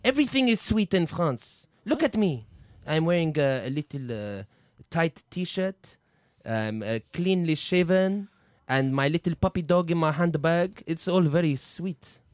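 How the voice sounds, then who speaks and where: A man plays a snooty French café waiter, theatrical and pompous, in an improvised comedy bit. The voice sits high and swings widely, recorded close and dry. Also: expressive, measured pace, no echo. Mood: haughty.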